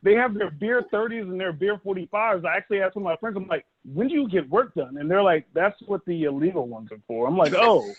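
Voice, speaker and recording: A man in his thirties doing a stand-up set, with a fairly high voice and a conversational, animated way of telling stories. He acts out the quotes in his anecdotes. The sound is thin and boxy, like a phone line, since his son is holding a phone to record him. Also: fast talker, hardly any pauses. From Dallas, Texas. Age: 30s. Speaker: stand-up comedian. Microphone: phone held by his son.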